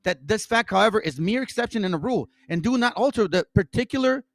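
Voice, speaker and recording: A man's voice: sits high, lively intonation, fast, dry recording, clean studio sound. A man commentator reading passages aloud and arguing against them in a blunt, profane way. He often stumbles and restarts mid-sentence. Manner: argumentative, profane, swings into heated outbursts. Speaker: online commentator.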